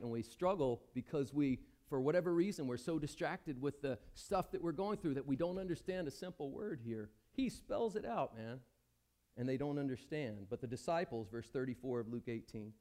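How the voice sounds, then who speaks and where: A man's voice: mid-range voice, darkish tone. A man preaching a sermon at a church service, talking conversationally and putting questions to the congregation. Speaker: pastor.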